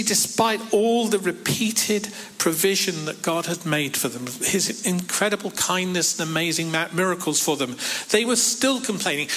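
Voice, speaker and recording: A fairly high-voiced man delivers a sermon. He reads scripture passages aloud and breaks in with dry, wry asides. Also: fairly bright tone. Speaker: preacher.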